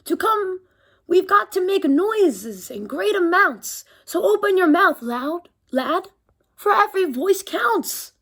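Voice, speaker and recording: A woman's voice: extremely high pitch, big pitch swings, slow pace, voice pushed up, full character voice. A woman reading a picture book aloud, voicing a frantic little male mayor of a tiny town who urgently rouses everyone. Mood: rallying. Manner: urgent, rousing shouting.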